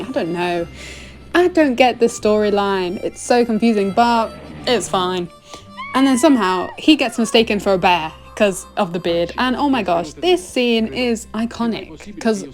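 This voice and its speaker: A young woman talks through an anime review in a loose, rambling way, tossing in fillers and exclamations. Her voice sits at a middle pitch. Faint music plays softly behind her. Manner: rambling and chatty, full of "like" and "oh my gosh". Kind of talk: casual anime review chat.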